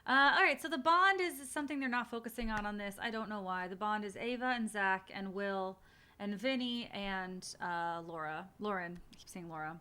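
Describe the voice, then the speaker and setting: A woman with a bright, forceful voice hosts a stream watch party. She gives casual, blunt reaction commentary with easy swearing in a chatty tone. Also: medium pitch, moderate pace, clear, resonant tone.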